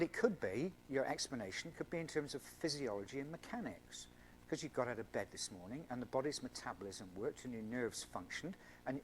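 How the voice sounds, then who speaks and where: Slight background noise accompanies a male scientist's mid-range voice as he delivers an earnest evening lecture to a student Christian group at a university. His explanations use everyday examples, with key words stressed.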